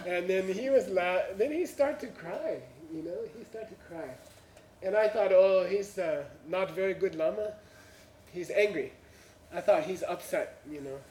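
Guy telling a story in non-native english, kinda high voice, echoey room, mic a ways off. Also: a little slow, darkish tone. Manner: chuckles through punchlines, with frequent "you know" and "uh". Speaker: speaker telling a story to an audience. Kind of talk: anecdotal storytelling talk. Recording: roomy, from a distance.

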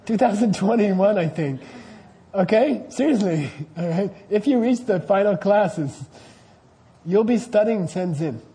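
Teaching Buddhist practice at a measured pace, a man speaks in a high-pitched, mellow, expressive voice. He poses questions to his class and repeatedly makes sure they're following with "you see what I mean?"

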